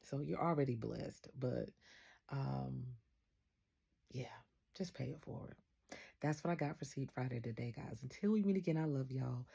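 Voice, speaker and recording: Lady telling her story on her channel, very breathy raspy voice, mellow tone. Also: very deep voice, unhurried, long pauses. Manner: earnest storytelling, retells dialogue with "I said". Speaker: host of a faith channel. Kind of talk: casual spoken testimony.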